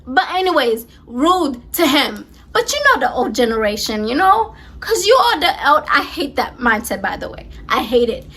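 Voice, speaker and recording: A woman in her twenties telling a storytime vlog, emphatic and animated, on the verge of tears. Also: sits high, moderate pace, few pauses, slightly rough. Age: 20s. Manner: animated, emphatic retelling with many repeats. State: close to tears. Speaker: vlogger.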